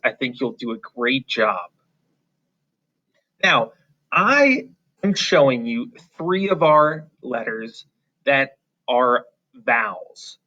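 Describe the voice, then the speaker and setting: Slow, patient man teaching phonics. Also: medium pitch, pushed and bright. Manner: patient, encouraging, slow and clear with drawn-out sounds. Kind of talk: phonics lesson for young children. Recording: slightly dull, lo-fi.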